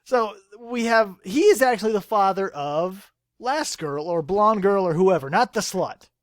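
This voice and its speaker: A high-pitched man hosting a casual podcast. He tells the story in an animated, rambling way and swears freely. The recording is dry and close. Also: a little slow, no echo. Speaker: podcast host. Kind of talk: casual chat.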